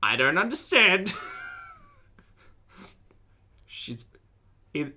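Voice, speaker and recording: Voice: mid-range voice, very animated, extremely slow, bright, forceful tone. A host of a live reaction stream, giving sarcastic, exasperated commentary and laughing often.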